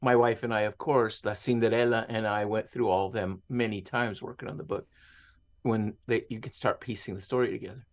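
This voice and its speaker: Heard on a lo-fi recording, this interview guest has a lowish voice with fairly even intonation and talks a little fast. With roots in Mexico and San Diego, he shares stories in a reflective, conversational way, mixing Spanish words into his English.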